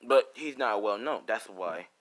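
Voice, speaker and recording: Man, casual improvised storyteller, lively up-and-down delivery, rambles and restarts. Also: on the low side, unhurried. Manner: rambling with many restarts and fillers.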